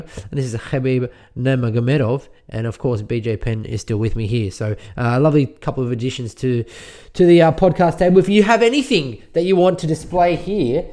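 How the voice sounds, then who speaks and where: A man's voice: a little high, a little mellow. An Australian man hosting a podcast on his own, talking in a casual, rambling and jokey way with lots of fillers and restarts. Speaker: podcast host. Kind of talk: casual solo podcast recap.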